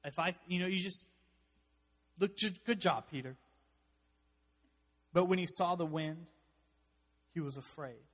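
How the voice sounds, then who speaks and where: A man preaching a sermon as pastor, animated, with joking asides, swinging from loud to hushed. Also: fairly high pitch, a little slow, long pauses, long reverb tail.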